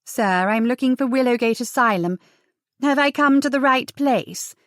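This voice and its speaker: A woman's voice: on the high side, normal speed, dry recording, studio quality, voice pushed up, natural voice. Woman doing a breezy, brash young schemer. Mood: bold. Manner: bold, breezy.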